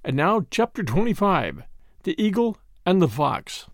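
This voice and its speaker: A man with a high, animated voice reads a classic novel aloud as an audiobook, in measured, expressive storytelling. The recording is dry and close, with no room sound. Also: dry recording. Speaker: host and narrator. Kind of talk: scripted audiobook narration.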